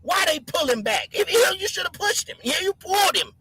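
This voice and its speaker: Live stream host, heated rant at chat, wide swooping pitch, sharp bright tone. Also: a little fast, a little hiss or hum, rough recording. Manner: shouting, animated, mocking chatters by name.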